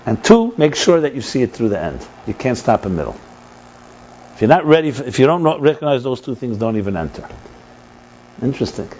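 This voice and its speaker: A man leads a text study class as a rabbi. His pitch is mid-range and his delivery is animated, with frequent restarts and Hebrew terms. The recording sounds a little muffled. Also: a little fast, slight background noise.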